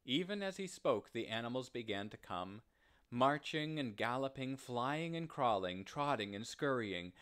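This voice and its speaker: A man reading a story aloud in a slow, deliberate, gentle telling. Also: medium pitch, animated, clear, resonant tone. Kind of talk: read-aloud story narration.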